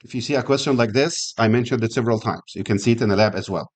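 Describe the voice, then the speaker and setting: A man's voice: mid-range voice, fast. A man teaching an anatomy class, explaining step by step, checking in with frequent rhetorical questions and restarting phrases. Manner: uses physical demonstrations while explaining. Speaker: anatomy and physiology instructor. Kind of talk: classroom lecture.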